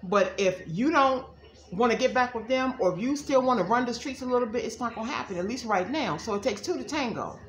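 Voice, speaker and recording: A woman's voice: fairly high pitch, animated, a little fast, reverberant. Chatty woman doing a psychic livestream. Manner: chatty, folksy, addresses viewers as y'all. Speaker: psychic reader. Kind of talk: casual livestream reading.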